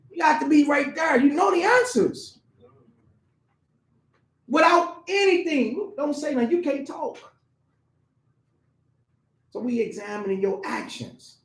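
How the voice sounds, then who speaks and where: Male preacher, very high and animated voice, casual delivery with lots of questions, echoey room. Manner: animated, asks the congregation questions, laughs often; colloquial, repeats key phrases for emphasis. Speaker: preacher teaching scripture. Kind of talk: informal sermon teaching.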